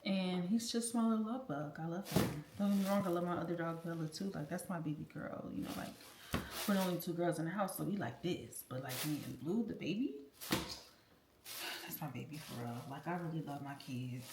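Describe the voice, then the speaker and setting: Cooking at home, a twenty-something vlogger tells stories to her viewers in a lowish voice at a moderate pace. She's casual, blunt, and swears freely. Her kitchen sounds echoey, with loud background noise.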